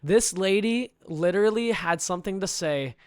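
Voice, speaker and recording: A man with a fairly high voice tells an outraged story on a podcast. He builds up, gets louder and laughs between lines. The sound is dry and close. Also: normal speed, smooth, no echo. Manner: indignant, building, with bursts of laughter. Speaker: podcast guest. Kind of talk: animated storytelling rant.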